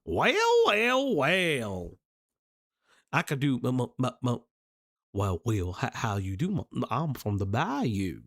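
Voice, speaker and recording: A man's voice: mid-range voice, wildly swooping pitch, slow pace, fairly bright tone, dry recording, clean studio sound, voice pushed down, full character voice. A man putting on a hammy southern drawl. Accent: put-on American Southern.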